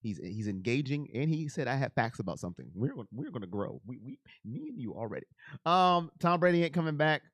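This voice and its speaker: A man hosting a casual live stream. He chats with viewers by name and talks in an emotional, animated way. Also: medium pitch, a little fast, dry recording. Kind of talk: casual live chat about football.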